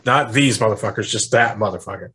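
A man casually and profanely riffing on a fantasy book series with friends, slipping into quick mock voices. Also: fairly low pitch, fairly bright tone, slightly rough. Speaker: podcast co-host. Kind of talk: casual comedic book chat.

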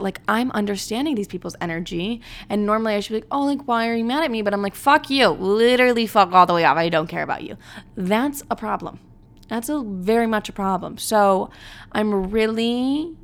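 Young female podcast host, brash and profane, chatty storyteller with a gravelly fry. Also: mid-range voice, fairly bright tone. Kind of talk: casual storytelling monologue.

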